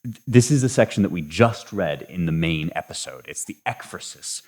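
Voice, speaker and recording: A podcast host talks through poetry in a thoughtful, casual way, often restarting and hesitating. His voice sits low and has a darkish tone, expressive and at a moderate pace.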